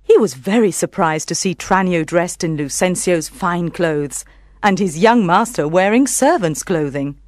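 Woman narrating a storybook calmly. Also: on the low side, measured pace, no room sound, clean studio sound.

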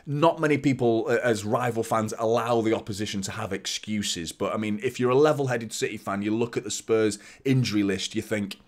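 A man's voice: fairly low pitch, a little fast, few pauses. A man hosting a casual football preview monologue, rambling and opinionated, who often restarts his sentences, repeats words and laughs as he goes. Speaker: football fan channel host.

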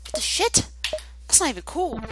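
High-pitched gamer girl yelling and cussing at a game, voice swoops everywhere, game music going. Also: normal speed. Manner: excitable, yelps and shouts, swears playfully. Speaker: gaming video host. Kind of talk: let's-play commentary.

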